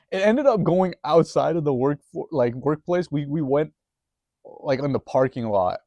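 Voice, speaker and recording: A man's voice: fairly high pitch, dark tone, no echo. A man telling a story in a rambling, profane, casual way, full of restarts and chuckles.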